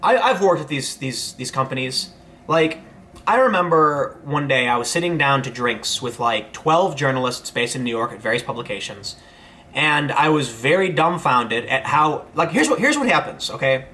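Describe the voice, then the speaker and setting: A man's voice: mid-range voice, lively intonation, moderate pace, pushed and bright, a little hiss or hum. A man, hosting a casual livestream and answering viewer messages in a rambling way, full of fillers and restarts. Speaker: host reading viewer chat.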